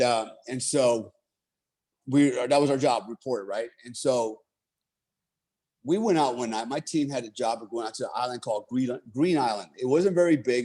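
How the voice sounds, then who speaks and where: In a casual interview, this middle-aged American man, who served in the military, recounts a war story with lots of energy, cursing freely and chuckling as he talks. His voice is mid-range.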